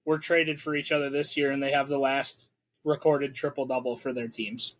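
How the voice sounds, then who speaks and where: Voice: mid-range voice, little pitch movement, moderate pace, slight background noise, rough recording. A podcast co-host running a sports guessing game from home, teasing and drawn out in reactions. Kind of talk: casual chat.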